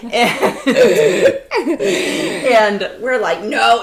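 Speaking extremely slowly in a fairly high voice, a twenty-something woman relates a humorous story during a relaxed chat. She's a lively storyteller who performs the characters' voices, and there's a roomy echo on the recording.

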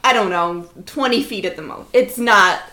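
This is a woman in her 20s with a medium-pitched voice and a moderate pace, chatting casually as she recounts something funny. She brings the story to life by imitating the people involved, all captured with a roomy echo.

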